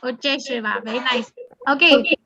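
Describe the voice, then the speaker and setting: A woman with an Indian English accent teaching a scripture class online, reading verses slowly and then quizzing her students. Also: high-pitched, lo-fi sound, a crowd in the background.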